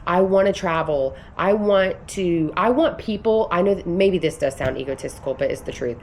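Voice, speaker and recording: Earnest rambling woman vlogger, lowish voice. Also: moderate pace, a little mellow, slight background noise. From United States. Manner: earnest, emphatic, rambling with restarts. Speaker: vlogger and business coach. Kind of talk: casual motivational vlog talk.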